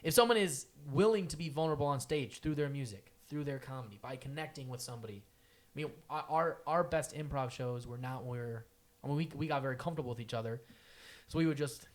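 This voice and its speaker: A young man hosting a casual podcast chat, animated and profane, acting out quotes in loud bursts. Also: mid-range voice, fast. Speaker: podcast host.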